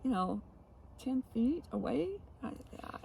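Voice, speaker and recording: A woman co-hosting a casual chat, telling odd stories with frequent laughs and halting restarts. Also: on the high side, animated, gravelly, dark tone, a little hiss or hum, low-quality recording. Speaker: co-host.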